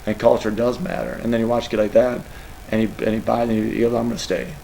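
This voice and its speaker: A man's voice: medium pitch, level tone, quick pace, creaky, warm tone, a little hiss or hum, poor audio. A middle-aged man, a college football coach, answering press questions in an emotional, rambling way. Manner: emotional, rambling, tearful at times.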